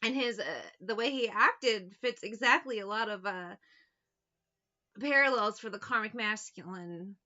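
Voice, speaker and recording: A woman's voice: mid-range voice, sharp tone, muffled recording. A woman talking bluntly and with a lot of swearing as she tells anecdotes in a casual monologue as a tarot reader. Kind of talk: casual straight-to-camera monologue.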